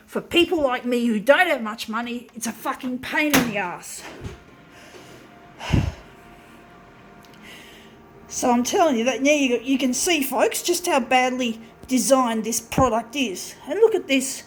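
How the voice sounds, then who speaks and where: A woman vlogger with a high voice rants angrily at her camera, swearing, sighing and sounding exasperated. The audio is poor, captured indoors by a camera mic set down nearby, beside an office copier.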